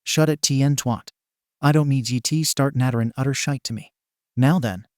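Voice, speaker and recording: A swaggering, loud-mouthed young pirate hero from a comedy fan story, all bluster and boasting, as a male narrator puts him on. His voice sits at an average pitch and the recording is dry and close, with no room sound. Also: moderate pace, no echo, close to an everyday voice. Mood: brash. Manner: swaggering pirate talk with lower, quieter voice. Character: boisterous young male pirate-themed hero, brash braggart.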